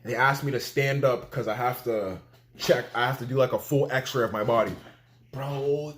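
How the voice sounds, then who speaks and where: A young man telling a storytime vlog, excitable and slangy, repeating filler phrases and acting out quoted dialogue. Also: mid-range voice, brisk.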